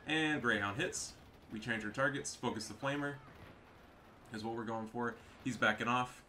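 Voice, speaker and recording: A man's voice: mid-range voice, moderate pace, bright, forceful tone, slight background noise. A man giving profane, trash-talking commentary over a strategy game match. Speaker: gameplay commentator.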